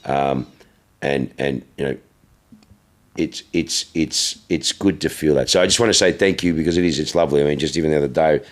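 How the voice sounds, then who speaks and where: A man co-hosting a podcast, telling a story in casual chat with lots of swearing and restarts. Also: a little fast. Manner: swears freely, restarts, gets louder and higher as the story builds. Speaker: podcast co-host.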